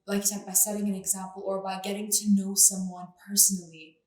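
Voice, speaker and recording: A woman's voice: medium pitch, little pitch movement, quick pace, darkish tone, reverberant, poor audio. A young woman, a podcast guest, talking casually and rambling with many filler words. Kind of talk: casual chat.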